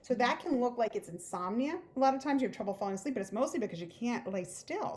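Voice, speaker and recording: A woman's voice: on the high side, darkish tone. A woman sleep specialist talking casually, with "like" and "right?" fillers. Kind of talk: panel discussion.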